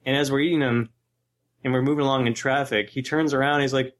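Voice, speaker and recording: A man's voice: mid-range voice, steady tone, quick pace. A man co-hosting a casual podcast chat, telling laid-back stories and quoting people as he goes. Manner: laid-back storytelling with quoted voices.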